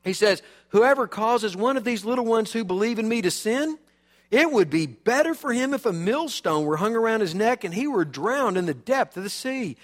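A man pastor preaching a sermon, animated and emphatic, swinging between loud and quiet. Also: sits high, moderate pace, long reverb tail.

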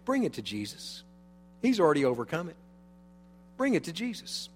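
A male pastor preaching a sermon, emphatic, swinging from loud to hushed. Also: fairly high pitch, huge pitch swings, moderate pace, big-room sound, slight background noise. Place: church sanctuary.

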